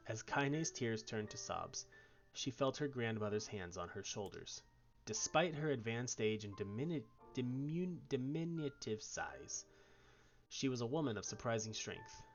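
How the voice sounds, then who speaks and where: A man streamer reading story text aloud in an expressive way. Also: mid-range voice, unhurried, muffled recording, soft background music.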